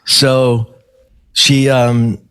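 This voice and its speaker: A middle-aged man, a guest on a podcast, telling a personal story in a casual, animated way and acting out the dialogue. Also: medium pitch, extremely slow, clean tone. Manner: animated storyteller who acts out quoted dialogue and swears casually. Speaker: podcast guest, medium and life coach.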